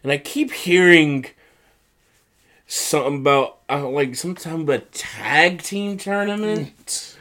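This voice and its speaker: A man co-hosting a casual podcast, retelling events with lively mock voices for quoted lines. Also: on the high side, unhurried. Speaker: podcast co-host recapping wrestling. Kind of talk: casual chat.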